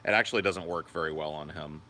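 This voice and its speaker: Hosting a casual livestream, a fast-talking man with a pushed, bright voice rambles and curses while answering viewer comments. He switches into high, sing-song baby talk for his dog.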